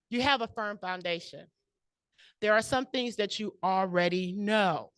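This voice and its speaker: A woman's voice: mid-range voice, fairly bright tone. A woman delivers a heartfelt, prepared speech at a club meeting, laughing often and fighting back tears. Her voice sits in a middle range and sounds dry and close, with little room echo. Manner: personal, laughing often, emotional. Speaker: club speaker.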